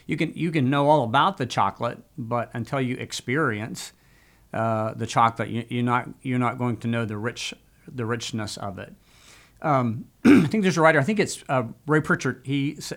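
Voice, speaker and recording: A man's voice: medium pitch, a bit bright. A man hosting a faith interview, conversational, leaning on key words and often adding "right?". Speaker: host.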